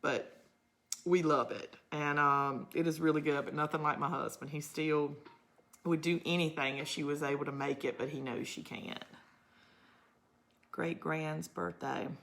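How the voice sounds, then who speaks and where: Chatty Southern woman with a bright voice. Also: sits low, steady tone, a little slow. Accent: Southern US, Georgia. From Georgia, USA. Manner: chatty, rambling storyteller who laughs often. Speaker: crafting channel host. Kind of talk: casual livestream chat, reading viewer comments.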